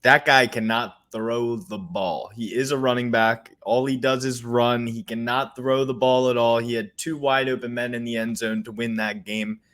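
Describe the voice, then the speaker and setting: A man's voice: mid-range voice, fairly even intonation, normal speed, few pauses, a bit bright. A man co-hosting a casual sports chat, complaining in an exasperated, emphatic way. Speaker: podcast co-host.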